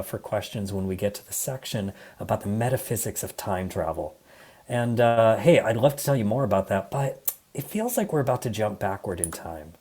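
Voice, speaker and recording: Earnest Midwestern American man, low mellow voice. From Michigan, USA. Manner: earnest, storytelling, with occasional fillers. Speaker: guest speaker. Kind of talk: prepared conference talk.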